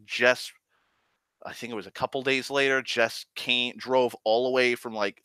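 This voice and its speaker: Profane rambling young man, bright voice. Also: mid-range voice, clean tone, no room sound. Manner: rambling, profane, often backtracks and corrects himself. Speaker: host. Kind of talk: casual storytelling monologue.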